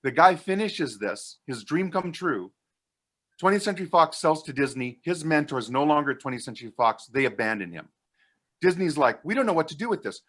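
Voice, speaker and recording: A man's voice: a little high, pushed and bright. A man chatting casually on a podcast, telling a story with enthusiasm and lots of restarts. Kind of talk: casual chat.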